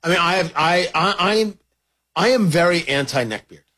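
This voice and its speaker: Male co-host, husky voice, teasing, lots of restarts, lively pitch. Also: moderate pace. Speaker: podcast co-host. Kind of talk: casual chat.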